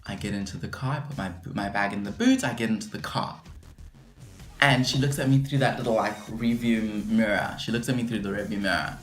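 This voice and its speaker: A young woman telling a story to her vlog viewers, animated and dramatic, full of "like". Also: rumbling low, brisk, roomy sound, faint music behind. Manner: animated, dramatic retelling with lots of "like". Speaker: vlogger.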